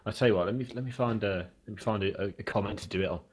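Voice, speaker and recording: A man's voice: lowish voice, racing, slightly rough. A man co-hosting a live Q&A, joking and laid-back, talking into a headset mic. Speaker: co-host of a live Q&A. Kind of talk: casual chat.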